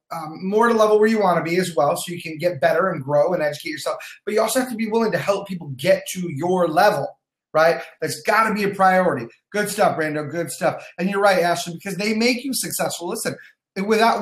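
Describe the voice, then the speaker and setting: Energetic motivational man in an echoey room. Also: high voice. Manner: energetic, emphatic, repeats points, casual swearing, greets viewers by name. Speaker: sales team leader. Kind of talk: motivational livestream talk.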